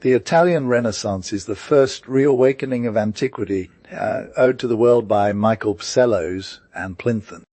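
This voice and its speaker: A man narrating a novel aloud in a steady reading manner, with the occasional slip and restart. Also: medium pitch, moderate pace, few pauses, no echo. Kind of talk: audiobook reading.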